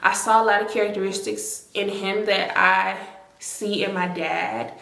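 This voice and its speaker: A young woman speaking at a middle pitch, talking straight to her viewers in a chatty storytime manner. Her voice has a roomy echo around it. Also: steady tone, measured pace, vocal fry, fairly bright tone. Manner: chatty, talks to viewers directly, heavy filler use. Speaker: storytime vlogger. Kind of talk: casual storytime narration. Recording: echoey room.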